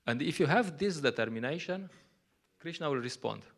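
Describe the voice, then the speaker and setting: Gravelly man giving a scripture class. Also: on the high side, animated, moderate pace, fairly bright tone. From Slovenia. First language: Slovenian. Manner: conversational, laughs often, acts out little quotes. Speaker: lecturer at a temple.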